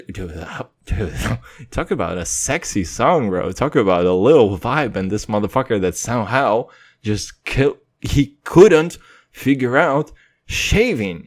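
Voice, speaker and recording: A man's voice: mid-range voice, very animated, takes it slowly. Rambling, swearing young man podcaster. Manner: rambling, swearing, jumps between loud and quiet, mock voices and singing. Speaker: podcast host. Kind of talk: casual profane monologue.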